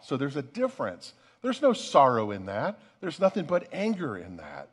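A man's voice: mid-range voice, huge pitch swings, moderate pace, hardly any pauses, husky. A man preaching a sermon in an earnest way, often repeating the first word of a phrase as he goes. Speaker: pastor.

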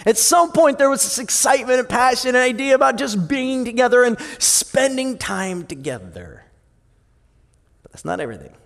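A male pastor preaching a sermon in an animated way, swinging from loud and lively to soft and low. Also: moderate pace, vocal fry. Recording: long hall reverb.

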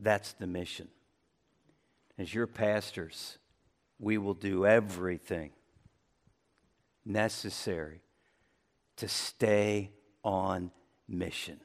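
Guy pastor giving a sermon in church, chatty but gets loud n emphatic. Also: slow, pauses often. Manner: conversational preaching, lively swings in pitch and loudness. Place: church sanctuary.

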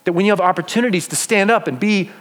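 A man's voice: high voice, quick pace. A man preaching a sermon as pastor, full of rhetorical questions. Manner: animated, asks many rhetorical questions. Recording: long reverb of a large hall.

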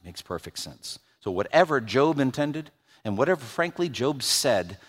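A man's voice: medium pitch, sing-song, moderate pace, husky, big-room sound. A male pastor preaching a sermon with earnest emphasis, reading scripture aloud and working through it with his congregation.

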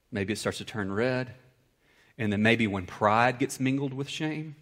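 A male pastor preaching a sermon, swinging between loud, high-pitched bursts and hushed, low-voiced passages. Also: lively intonation, moderate pace.

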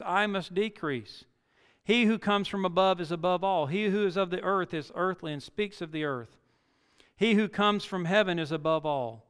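A man's voice: high-pitched, fairly bright tone, clean tone. A male pastor preaching a sermon, reading scripture dramatically and building to emphatic peaks. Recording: long reverb of a large hall.

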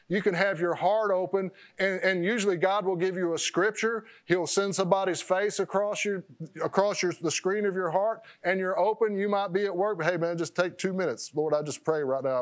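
A man's voice: sits high, steady tone, normal speed. Rambling, self-interrupting male preacher. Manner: rambling, repeats words, laughs at himself. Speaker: pastor. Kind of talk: sermon.

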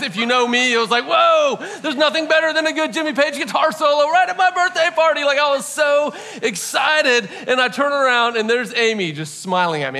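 A man in his forties preaching a sermon, opening with an earnest, animated personal story. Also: sits high. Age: 40s. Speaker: pastor.

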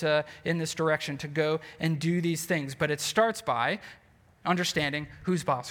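Earnest high-voiced male preacher. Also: a bit bright, big-room sound. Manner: earnest preaching with rhetorical questions and frequent fillers. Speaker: pastor. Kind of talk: sermon.

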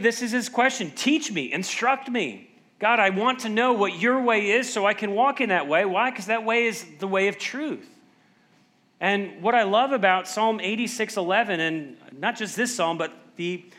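A middle-aged man delivers a sermon in a notably high voice. He pushes his listeners with rhetorical questions and acts out scripture quotes with animated voices. At key points he slows down and goes quiet for emphasis. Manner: asks rhetorical questions to the congregation. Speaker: pastor.

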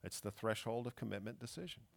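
A man's voice: fairly low pitch, expressive, quick pace, vocal fry, dry recording. A man preaching a sermon as pastor, emphatic and fond of rhetorical questions.

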